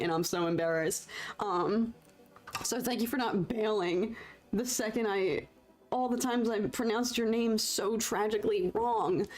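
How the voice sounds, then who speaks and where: A young adult woman chatting casually with her live-stream audience while painting, rambling and self-deprecating, with mild stand-in swear words. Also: a little high.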